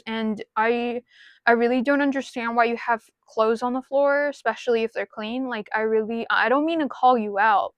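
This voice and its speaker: A woman's voice: fairly high pitch, fairly bright tone, no echo, muffled recording. A woman talking casually to her viewers from her car, frank and rambling, with small self-deprecating asides, into a small mic plugged into her phone. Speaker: vlogger. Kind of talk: casual talk to camera.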